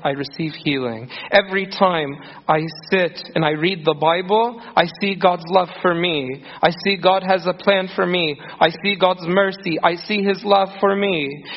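Guy preaching a sermon, kinda high gravelly voice, muffled, long hall echo. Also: slight background noise. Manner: earnest, quotes scripture in dramatic voices. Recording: muffled sound in a reverberant hall.

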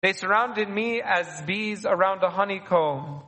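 Male priest, sermon delivery, loose and conversational, high voice, big reverberant church. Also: a little slow, pushed and bright. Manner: conversational, repeats and restarts phrases.

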